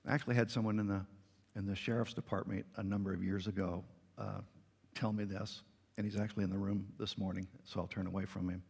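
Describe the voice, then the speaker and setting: A man's voice: fairly low pitch, flat delivery, fast talker, creaky, a little mellow, slightly rough, in a large hall. A middle-aged man preaching a sermon in a church, earnest and conversational with touches of light humor. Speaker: pastor. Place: church sanctuary.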